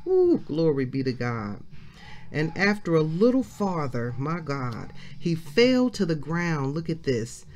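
A middle-aged woman minister leads a devotional, preaching fervently, repeating phrases and breaking in with praise and hallelujahs while close to tears. Her low voice swings widely in pitch, with a darkish tone, and she takes it slowly. A little hiss or hum sits underneath.

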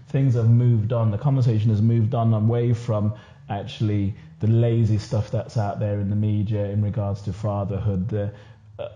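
A man's voice: fairly low pitch, dark tone. A man in a casual podcast discussion, talking earnestly with many repeated words and restarts. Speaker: podcast guest. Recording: echoey room, dull lo-fi sound.

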